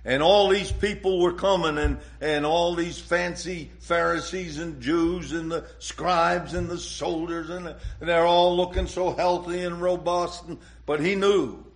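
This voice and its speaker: A man preaching a sermon, slow and deliberate, with dramatic rises and drops in pitch and loudness. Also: steady tone. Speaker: pastor.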